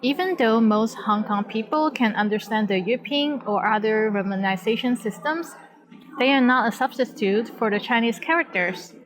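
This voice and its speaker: A woman teacher presenting a scripted language lesson in a clear, explanatory way. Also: a little high, rough recording.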